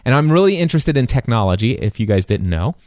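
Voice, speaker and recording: A man co-hosting a podcast, telling a story in casual chat with animated asides. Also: medium pitch, dry recording, clean studio sound. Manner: animated, quick asides, acts out his own reactions. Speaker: podcast co-host.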